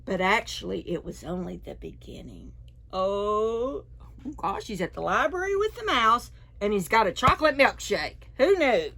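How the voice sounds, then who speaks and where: A woman librarian reading a picture book aloud to preschoolers in a library, expressive and full of sound effects and asides. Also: mid-range voice, a little slow, vocal fry. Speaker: children's librarian. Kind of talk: preschool storytime read-aloud.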